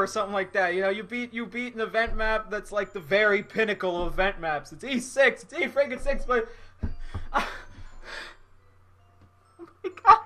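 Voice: medium pitch, normal speed, sharp tone. A young adult game streamer, crying and laughing through a phlegmy voice, apologizing to viewers between sobs. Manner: overwhelmed, sobbing and laughing, apologetic. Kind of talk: live stream commentary.

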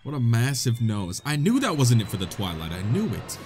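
A young man giving excitable, joking commentary while playing a video game, often laughing and swearing. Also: mid-range voice, fairly quick, music in the background. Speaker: gaming video host. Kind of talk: let's play commentary.

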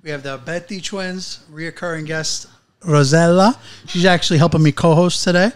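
Male podcast host, high voice, teasing, casual banter. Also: fairly even intonation, normal speed.

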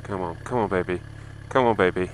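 A man with a lowish voice talks to his helmet camera as he rides through wet snow. He swears and grumbles in an exasperated running commentary, with faint road noise under his voice. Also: brisk, poor audio. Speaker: motorcycle vlogger. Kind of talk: casual video diary. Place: on a motorbike in snow, outdoors.

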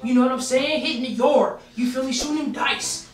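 A young woman in a prank skit, talking in deliberately lowered tough-guy street slang. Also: distant mic. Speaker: prankster, co-host. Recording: echoey room, off-mic, faint music.

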